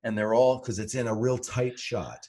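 A middle-aged man co-hosting a podcast in casual chat, animated and acting out quotes as he tells stories. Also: mid-range voice, normal speed. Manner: animated storyteller, acts out quotes. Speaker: podcast co-host.

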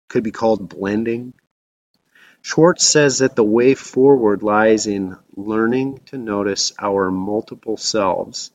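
A man's voice: mid-range voice, dull audio. A man preaching a reflective sermon as a pastor.

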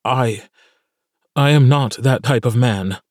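A man's voice: mid-range voice, takes it slowly, a little mellow, no echo, clean studio sound. A man voicing a wary young nobleman's son who speaks formally and guardedly in an audiobook.

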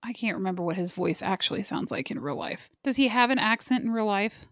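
A woman's voice: mid-range voice, a little fast, fairly bright tone, no echo, clean studio sound. A woman co-hosting a casual movie chat, talkative and self-deprecating, laughing easily at herself. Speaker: podcast co-host.

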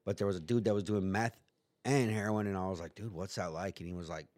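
A man's voice: deep voice, fairly even intonation, quick pace, a little mellow. A man telling a story in casual chat, rambling and profane, acting out quotes in put-on voices. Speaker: guest.

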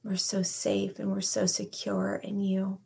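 Soft-spoken husky woman praying. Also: mid-range voice, big pitch swings. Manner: slow, soft, often whispered prayer. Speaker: podcast host. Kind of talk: devotional teaching and prayer.

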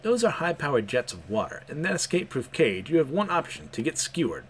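A proud young mage with a menacing, clipped tone, as a man puts him on. His temper sits just under a calm surface, and his voice swings between quiet and loud. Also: fairly high pitch, fairly quick, a little hiss or hum. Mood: cold. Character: cold proud young male water mage, rage beneath calm.

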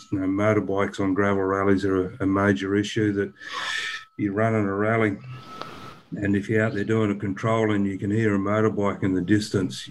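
A man's voice: sits low, poor audio. An older man, a rally organiser talking casually in an interview, rambling with many restarts and fillers.

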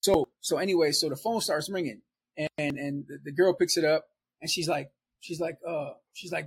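A man from Milwaukee telling a story in casual street slang, animated and often laughing. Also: a little high, moderate pace, breathy edge. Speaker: storyteller guest.

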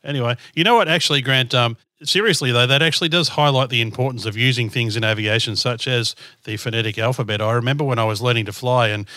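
A man's voice: mid-range voice, quick pace, few pauses, bright, forceful tone, dry recording, studio quality. A man from southern Australia with an Australian accent, co-hosting a podcast in casual chat, laughing often and using many fillers. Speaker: podcast co-host.

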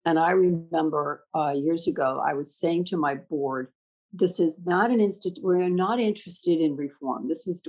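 An older woman speaks in a low, husky voice. She leads a school and tells reflective stories in conversation. She acts out the dialogue of her anecdotes with animation. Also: darkish tone, low-quality recording. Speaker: school leader.

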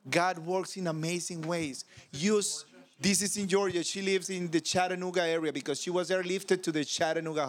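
A man with a fairly high voice preaches at a ministers' convention. He tells a personal story with feeling and acts out the voices of the people in it. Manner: emotional, animated storytelling with quoted dialogue. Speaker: pastor. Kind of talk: conference sermon storytelling. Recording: audio of a convention talk.

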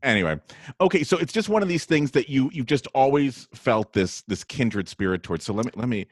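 A man's voice: medium pitch, expressive, brisk, no room sound, studio quality. A man hosting a podcast, asking playful questions and often repeating himself. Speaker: podcast host. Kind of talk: casual chat.

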